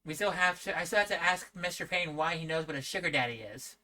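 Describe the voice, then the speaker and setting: A woman's voice: fairly low pitch, fast, low-quality recording. A woman streaming a game live, playful and self-deprecating, often tripping over her words. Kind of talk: live-streamed game playthrough, reading dialogue. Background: loud game music.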